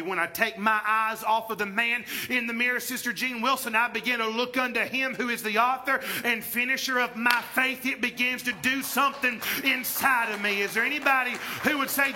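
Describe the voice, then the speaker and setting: A pastor in full preaching mode, his voice sitting very high and ringing bright. He calls out to the congregation for responses and climbs toward shouts as he preaches. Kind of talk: sermon. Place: church sanctuary.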